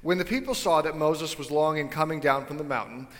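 A man preaching a sermon to his congregation, casual and animated, with joking asides to his listeners. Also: fairly high pitch, a little fast, big-room sound. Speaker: pastor. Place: church sanctuary.

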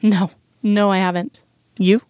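A woman's voice: mid-range voice, level tone, a little mellow, dry recording, studio quality, lightly acted. A woman voicing a guarded, kind young woman. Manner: measured, apologetic.

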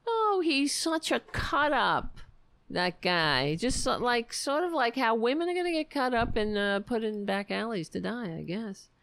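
A woman's voice: on the high side, big pitch swings, normal speed, vocal fry, hardly any pauses, fairly bright tone, dry recording. A woman giving an angry, sarcastic political rant, swearing freely and muttering to herself between points. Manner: profane, sarcastic, muttering asides while searching. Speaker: political commentator.

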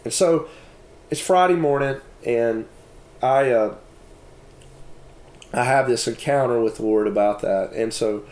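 Halting man giving a spoken testimony. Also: medium pitch, darkish tone. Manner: halting, with many fillers and restarts. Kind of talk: personal testimony and scripture reading. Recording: echoey room.

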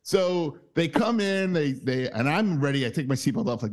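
A man in his thirties telling a story in casual chat, swearing freely, laughing, acting out quotes with big jumps in pitch. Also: lively intonation, normal speed. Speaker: podcast co-host.

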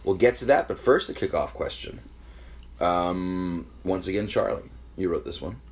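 A man with a very low, deep voice chats loosely on a podcast. He jokes around and spins a rambling story. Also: lively intonation, normal speed. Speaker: podcast co-host. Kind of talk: casual chat.

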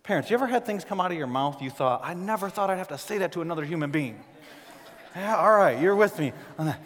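A fairly high-voiced man from the northern US preaches to a congregation, animated and playful, jumping between soft asides and loud bursts. His voice rings with a long hall reverb, like a big church sanctuary. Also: quick pace. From northern United States. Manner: animated preaching with big swings in pitch and loudness, joking asides. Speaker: pastor. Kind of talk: sermon.

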